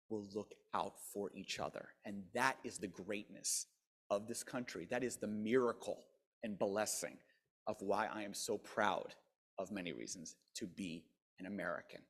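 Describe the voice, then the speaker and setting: A middle-aged man, a rabbi, telling a story as a guest speaker to a civic club in an animated, folksy way. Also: on the low side. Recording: long hall reverb.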